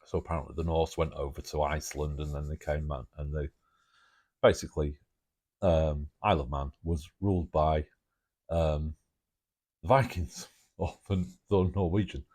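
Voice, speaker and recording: A man's voice: rumbling low, fairly even intonation, normal speed, darkish tone. A man talking through his speculative ideas in a rambling monologue, thinking aloud with jokey asides and chuckles. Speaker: alternative history presenter.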